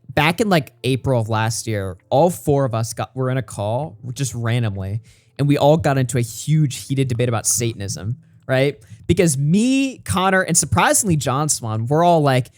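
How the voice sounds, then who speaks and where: A young man hosting a stream, telling stories in a casual, profane way and breaking into shouting now and then. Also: mid-range voice, animated, moderate pace, dry recording. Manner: loud, profane storytelling that bursts into shouting. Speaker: streamer host.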